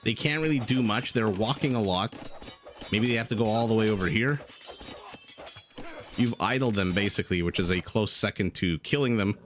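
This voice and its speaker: A man's voice: on the low side, normal speed, faint music behind. A man casting a strategy game live, chatting and laughing with his viewers between plays. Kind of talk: live esports commentary with chat.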